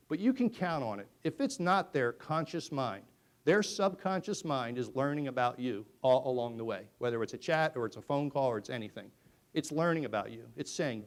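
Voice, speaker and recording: Animated middle-aged man giving a talk. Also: on the high side, moderate pace. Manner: animated storyteller, swings from loud to hushed. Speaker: conference speaker. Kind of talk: presentation to an audience.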